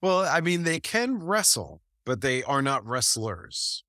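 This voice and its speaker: A man's voice: mid-range voice, a little slow, no echo, clean studio sound. A man co-hosting a podcast, chatting casually and laughing often as he recaps old wrestling episodes. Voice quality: laughs often, wry and relaxed. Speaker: podcast co-host.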